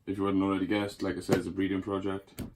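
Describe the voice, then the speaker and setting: Over heavy background noise, a deep-voiced man talks fast in a monotone. He's a tarantula keeper giving a laid-back vlog tour of his spiders in his bedroom, chatting and cursing freely and coaxing and scolding them as he goes.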